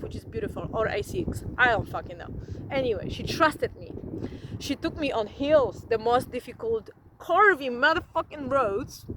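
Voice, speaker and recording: A woman, vlogging in a casual, profane, animated monologue to camera. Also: fairly high pitch, noisy background.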